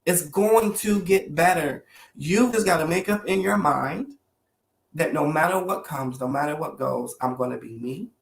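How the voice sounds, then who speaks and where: Speaking to camera, a man shares his life story in a heartfelt personal vlog, emotional and almost preacherly, addressing his viewers as y'all. His voice is fairly high and gravelly, at a moderate pace, and the room sounds echoey.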